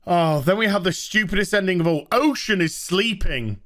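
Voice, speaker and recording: A man's voice: high-pitched, lively intonation, moderate pace, fairly bright tone. A man giving a sarcastic, swearing recap of a TV episode he dislikes, scornful and casual. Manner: swears freely. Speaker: TV show reviewer.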